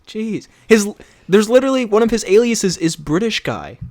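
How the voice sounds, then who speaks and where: A man co-hosting a podcast in casual chat, animated and laughing often as he talks. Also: sits high, moderate pace. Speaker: podcast co-host.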